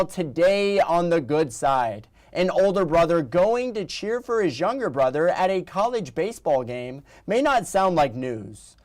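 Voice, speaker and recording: A man hosting a local news show in a chatty, upbeat, folksy way. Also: a little high.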